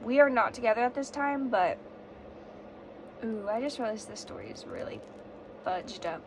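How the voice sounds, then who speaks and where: A woman's voice: a little high, expressive, moderate pace, noisy background. A young woman telling a story in a casual vlog, sick with a fever and sore throat, ranting dramatically and swearing a lot. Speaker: vlogger.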